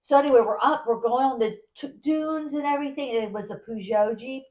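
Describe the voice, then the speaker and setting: Woman, podcast co-host, casual storyteller, a bit high-pitched, muffled lo-fi audio. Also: fairly quick. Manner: animated storyteller, many restarts. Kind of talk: casual chat.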